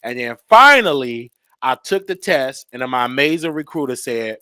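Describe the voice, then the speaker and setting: A young man hosting a show, telling a comedic story in an animated way and acting out the voices. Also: mid-range voice, moderate pace, no echo. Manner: animated, acts out voices, laughs between lines. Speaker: show host.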